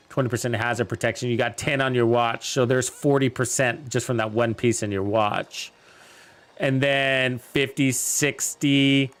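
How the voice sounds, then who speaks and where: This young man streams a game and chats away to viewers, his mid-range voice a bit bright and his talk rambling, relaxed, and heavy on fillers.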